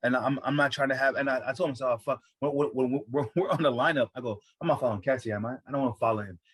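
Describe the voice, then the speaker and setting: An American stand-up comedian from the United States tells a story in casual chat, fast, profane, and animated, with many restarts. His mid-range voice is slightly rough.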